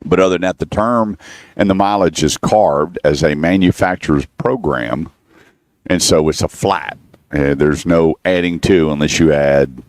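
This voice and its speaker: A man's voice: a bass voice, dry recording. A man hosting a radio talk show, telling stories and acting out both sides of past conversations. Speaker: radio show host, car-buying advisor. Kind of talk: casual radio talk, storytelling with quoted callers.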